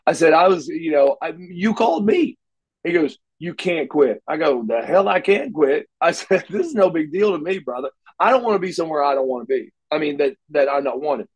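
A man's voice: fairly high pitch, animated, fairly quick, breathy edge, low-quality recording. A middle-aged man, an interview guest, telling stories casually and animatedly, acting out the dialogue with frequent restarts. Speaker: interview guest, former wrestler.

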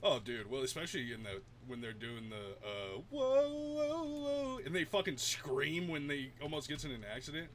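A man's voice: mid-range voice, brisk, few pauses, fairly bright tone, slight background noise. A man chatting casually while streaming a game, laid-back, swearing often and laughing a lot. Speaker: gaming streamer. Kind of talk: casual chat while gaming.

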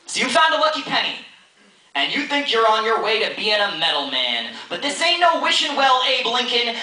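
A man's voice: extremely high pitch, sharp tone. A man performing spoken word poetry on a college stage in a rhythmic, theatrical, teasing way. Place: college stage before an audience. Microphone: audience camera from far off. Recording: distant, echoey hall with audience noise.

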